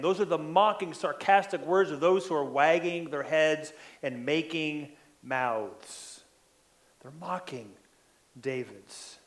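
A man's voice: fairly high pitch, takes it slowly. A man preaching a sermon in an earnest way, often repeating words as he presses a point.

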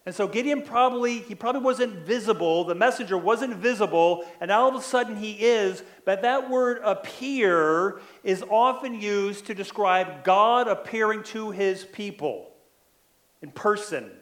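Male pastor, high voice, conversational sermon, habitual "right?" tags. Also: moderate pace, fairly bright tone, roomy sound. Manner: frequent "right?" tag questions, acts out quoted lines.

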